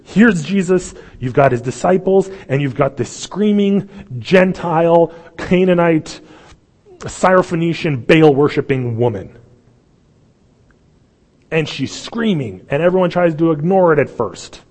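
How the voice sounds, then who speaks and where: The sermon comes from a pastor whose voice sits a little high and moves at a measured pace, carrying the big-room sound of a church sanctuary. He brings the story alive with energy, voicing each person in it himself.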